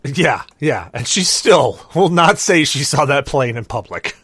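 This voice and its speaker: A young adult man, the podcast host, telling a rambling, animated story with lots of restarts. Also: medium pitch, measured pace, husky, no echo, clean studio sound. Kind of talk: casual storytelling.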